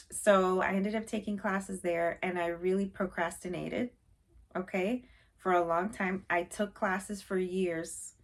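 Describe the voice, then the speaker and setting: Chatty woman vlogger, slightly low voice. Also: vocal fry. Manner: chatty, rambling with many fillers; openly sensitive and emotional. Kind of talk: casual chat.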